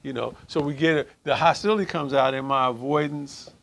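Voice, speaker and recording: A man's voice: mid-range voice, brisk, vocal fry, fairly bright tone. A man leading an informal group discussion on relationships as a counselor. He speaks emphatically and keeps checking in with "right?".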